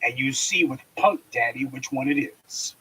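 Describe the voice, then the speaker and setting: A man delivering a forceful, scornful political commentary monologue, lecturing his listeners. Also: medium pitch, moderate pace, breathy edge, poor audio.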